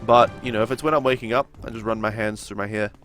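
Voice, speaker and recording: A man's voice: fairly low pitch, steady tone, quick pace, over music. A young man with a nasal voice and a sore throat, chatting casually as he streams a game and answers his viewers. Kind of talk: casual chat during a live game stream.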